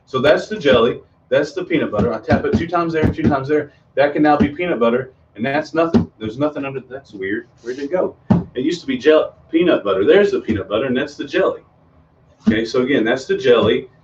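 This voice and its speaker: Performing magic for children over a home video stream, a middle-aged magician speaks expressively and briskly in a medium-pitched voice, under heavy background noise. He rambles with many ums and restarts, and the recording sounds distant and dull.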